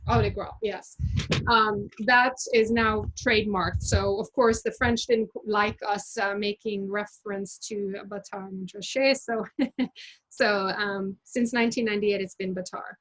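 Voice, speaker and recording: A woman's voice: medium pitch, steady tone, unhurried, a bit bright, low-quality recording. A woman in the middle of her range guides a wine tasting over a video call. She talks in a loose, chatty way, full of fillers and small restarts as she explains. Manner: chatty, many fillers and self-corrections. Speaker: winery representative leading a tasting. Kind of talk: casual presentation on a video call.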